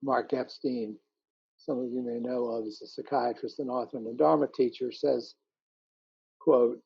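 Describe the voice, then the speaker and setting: A man giving a calm, measured dharma talk as a meditation teacher over a video call. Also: mid-range voice, gravelly, husky, no room sound. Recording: muffled video call audio.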